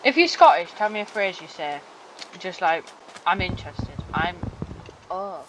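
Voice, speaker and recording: A young woman chatting casually and playfully while she plays a game, silly and excitable. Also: lowish voice, unhurried, background noise. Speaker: gaming streamer.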